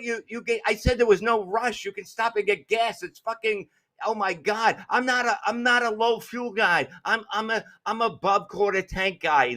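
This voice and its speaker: A man's voice: sits high, bright, forceful tone. A man hosting a comedy radio show, telling a story in a profane, ranting way. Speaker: host. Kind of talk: casual comedy radio banter.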